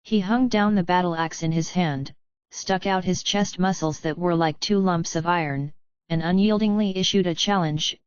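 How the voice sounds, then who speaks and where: A woman narrating an audiobook in a steady, even reading style. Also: on the low side, moderate pace, smooth, no room sound, highs cut off. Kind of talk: scripted narration.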